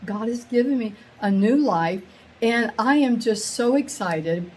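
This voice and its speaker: A middle-aged woman telling a rambling, excitable story to a small live group, acting out the quotes with big jumps in her voice. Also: fairly high pitch, unhurried, slight background noise, low-quality recording. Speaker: meetup attendee sharing a story. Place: women's meetup gathering, audience laughing.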